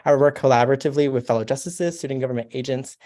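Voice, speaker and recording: Fast-talking young man giving a formal speech. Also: medium pitch, dark tone. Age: young adult. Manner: formal, measured and earnest. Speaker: candidate for student justice. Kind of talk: prepared confirmation speech.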